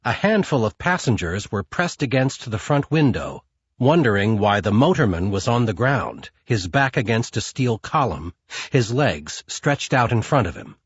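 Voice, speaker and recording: Husky guy reading an audiobook, voice jumps around a lot, dry dull lo-fi sound. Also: moderate pace, dry recording. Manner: lively, voicing characters with raised pitch. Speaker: audiobook narrator. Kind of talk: scripted narration.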